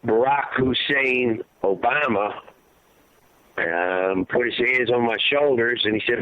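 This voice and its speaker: A man's voice: unhurried, dry recording. Impassioned man on a tinny phone line. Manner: impassioned, rambling, drops to a heavy low voice. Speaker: guest, father of a fallen soldier. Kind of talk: emotional storytelling interview. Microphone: phone call.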